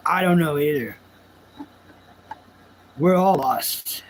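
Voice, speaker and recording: A man's voice: a little high, slow, slight background noise, rough recording. A man live-streaming, chatting casually with his viewers in a rambling, jokey, self-mocking way.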